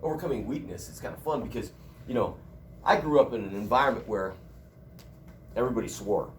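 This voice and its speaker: A man's voice: fairly low pitch, expressive, fairly quick, slight background noise. A middle-aged man teaching a college class in a casual, joking storytelling manner. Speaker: college instructor.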